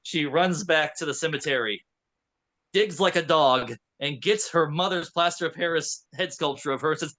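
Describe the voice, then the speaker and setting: A man co-hosting a podcast in a studio, retelling a film with lively acted-out lines. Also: fairly high pitch, moderate pace. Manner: animated storytelling, acts out characters' lines. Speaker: podcast co-host. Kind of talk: casual movie recap chat.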